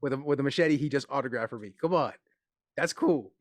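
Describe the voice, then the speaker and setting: Animated male host, mid-pitch, dry sound, jumps into voicing people in his stories. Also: brisk, no echo. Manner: excitable storyteller, acts out quotes, laughs often. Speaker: interviewer. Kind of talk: casual interview chat.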